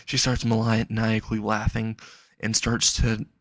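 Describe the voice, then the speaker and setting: A man's voice: lowish voice, monotone, a little slow, a bit bright, no room sound. Casual man narrating a fan story. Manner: casual, with restarts. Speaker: channel host and narrator.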